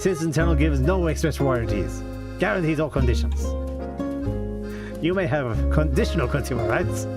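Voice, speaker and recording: A man's voice: fairly high pitch, lively intonation, normal speed. A man streamer putting on a French accent, playing a grandiose, mock-formal Frenchman. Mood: theatrical. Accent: put-on French. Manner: theatrical, grandiose phrasing. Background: loud music.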